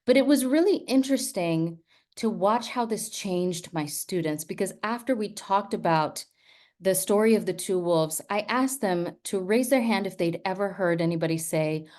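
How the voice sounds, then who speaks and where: In this storytelling talk, a teacher and speaker relates one lively story after another, peppering them with "right?" to check in with her audience. Her voice is mid-range and her pace moderate.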